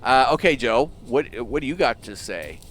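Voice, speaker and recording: A man's voice: medium pitch, sing-song, normal speed, a bit bright, a little hiss or hum. A man giving casual let's play commentary, chatty and playful with frequent laughs. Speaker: gaming video creator.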